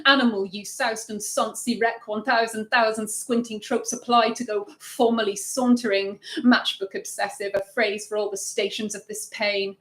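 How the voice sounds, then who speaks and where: A woman's voice: mid-range voice, fairly even intonation, normal speed, hardly any pauses, a bit bright, echoey room. A woman poet giving a rhythmic, wry poetry reading with sudden emphatic bursts, streamed live. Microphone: livestream.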